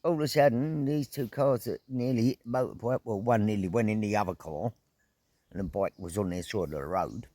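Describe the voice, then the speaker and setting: A middle-aged man vlogging outdoors at an evening camp, telling a story in a casual, animated way, full of slang, swearing and sound effects. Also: on the low side, brisk, no room sound.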